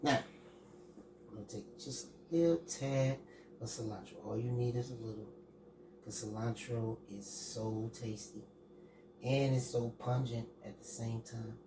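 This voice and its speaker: A man's voice: mid-range voice, steady tone, measured pace, noisy background. A man hosting a casual cooking demonstration in a kitchen, folksy and chatty, talking straight to his viewers and tossing in "boy" as he goes. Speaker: host cooking on camera. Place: kitchen with frying food. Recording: clear frying sizzle behind the voice. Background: sizzling frying food.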